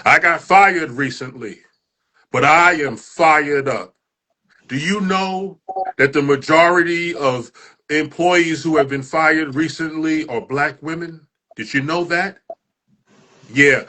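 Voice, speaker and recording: A man hosting a poetry show, delivering dramatic spoken-word poetry that builds into shouts. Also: fairly high pitch. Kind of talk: performance poetry recital.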